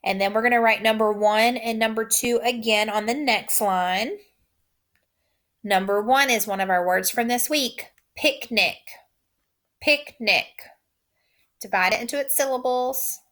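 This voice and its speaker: A woman teacher giving a recorded phonics lesson, saying each word twice in slow, drawn-out dictation. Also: fairly high pitch, fairly bright tone.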